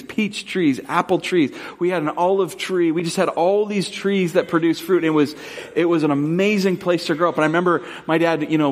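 A man from Southern California preaching a sermon as pastor, telling stories casually with lots of "like" and "um" before slowing into earnest questions. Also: fairly high pitch.

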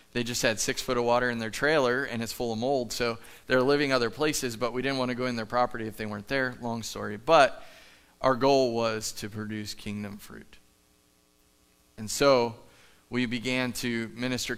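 A Midwestern American pastor preaches in a church sanctuary, his medium-pitched voice a bit bright, clear and resonant through a live stage mic. He tells a story in an earnest, conversational way and acts out the dialogue.

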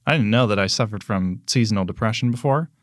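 A man's voice: on the low side, quick pace, no echo, clean studio sound. A young man from Pennsylvania, a podcast guest, telling his story plainly and steadily. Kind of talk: casual interview talk.

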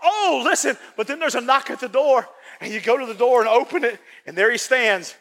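A man with a very high, bright, forceful voice preaches a sermon, repeating phrases for emphasis. He swings from booming lines to hushed ones. Long reverb from the church hangs on his words. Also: animated, a little fast. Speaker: pastor.

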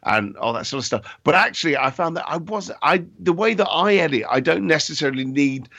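A man, a wedding photographer, chatting on a podcast as a guest, self-deprecating and quick to laugh. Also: a little high, expressive, creaky, fairly bright tone, no echo. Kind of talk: casual podcast chat.

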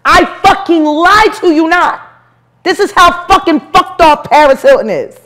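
A woman in her forties, an interview guest, telling stories in a brash, profane, animated way with bursts of laughter. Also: extremely high pitch, moderate pace. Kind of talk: storytelling interview.

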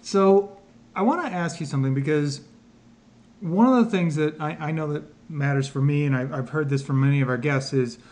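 A man hosting a podcast interview, enthusiastic and quick with affirmations. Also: a little high, a little mellow. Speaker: podcast host. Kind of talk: casual interview chat.

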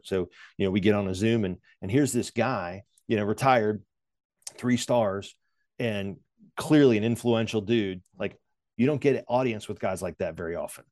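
A man with a very low, deep voice speaks in a loose, rambling way, full of fillers and restarts. He jokes about himself as he talks through his story. The sound is dry and close, with no room around it. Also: moderate pace, darkish tone, dry recording. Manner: self-deprecating humor. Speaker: podcast guest. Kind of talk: casual conversational interview.

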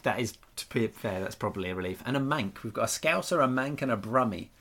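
A man's voice: medium pitch, lively intonation, quick pace, a bit bright. Jokey man. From Norfolk, England. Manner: jokey, rambling, laughs often. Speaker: podcast host. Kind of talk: casual chat.

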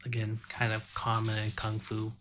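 A man's voice: on the low side, completely flat delivery, normal speed, fairly bright tone, faint music behind. A man co-hosting a casual podcast chat, adding wry joking asides. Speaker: podcast co-host.

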